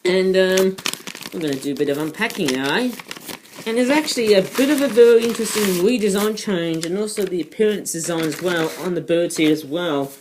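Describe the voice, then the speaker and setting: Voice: medium pitch, animated, fairly quick, noisy background. A toy reviewer in a casual vlog, rambling off topic with many ums and uhs. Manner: rambling, digressive, many fillers.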